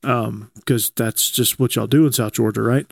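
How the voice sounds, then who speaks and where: A male podcast host with a gravelly, fry-edged voice and a mid-range pitch. He chats loosely and rambles, and the sound is close and dry with no room echo. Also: steady tone, moderate pace. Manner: laid-back, rambling, reads ads conversationally. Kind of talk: casual chat.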